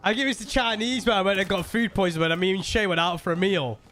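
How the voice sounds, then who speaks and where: A man's voice: high-pitched, fairly even intonation, fast, fairly bright tone. A man streaming a game, chatting to his viewers in a rambling way and laughing as he tells stories. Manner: rambling, laughing storyteller talking to chat. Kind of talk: casual live-stream chat.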